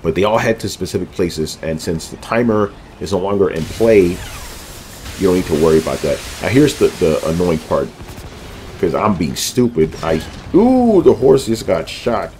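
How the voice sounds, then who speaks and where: A man's voice: low-pitched, lively intonation, normal speed, darkish tone, slight background noise. A man giving casual commentary over a video game walkthrough, rambling loosely with lots of fillers and joking asides about himself.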